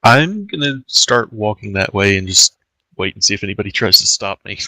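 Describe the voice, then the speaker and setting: Lowish guy player, bright dry sound, kinda unsure. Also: expressive, a little fast, dry recording, rough recording. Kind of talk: tabletop game chat.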